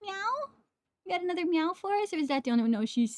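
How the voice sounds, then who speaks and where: A high-pitched woman streamer chats away on a wireless mic at home, giggling often and slipping into cooing baby talk for her cat. The sound is dry and close, with no room echo. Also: expressive, fast talker, darkish tone. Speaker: live streamer. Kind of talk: casual stream chat.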